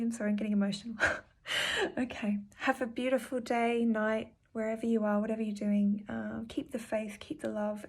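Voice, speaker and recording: A woman giving a personal video update from her home, speaking softly and earnestly with lots of fillers. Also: on the high side, flat delivery, moderate pace. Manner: soft, earnest and emotional, with frequent fillers. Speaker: vlogger.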